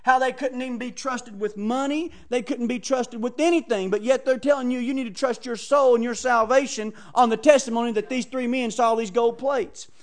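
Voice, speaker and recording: A man preaching a fiery sermon, swinging from shouts to hushed tones in folksy phrasing. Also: very high voice, fairly even intonation, normal speed, few pauses. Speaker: pastor.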